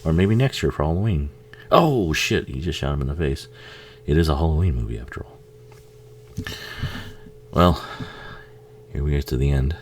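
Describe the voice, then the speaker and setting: A film commentary host talks casually over a movie he's watching, his voice rumbling low and expressive at a normal speed with frequent pauses. He swears a lot, laughs often, and jokes back at the screen, with a little hiss or hum in the recording.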